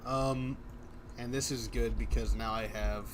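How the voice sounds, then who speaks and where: A man's voice: medium pitch, fairly even intonation, measured pace, a loud crowd. A young man hosting a live stream, chatting casually with friends and viewers in a playful, joking way. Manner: playful, joking, breaks into song. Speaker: streamer host.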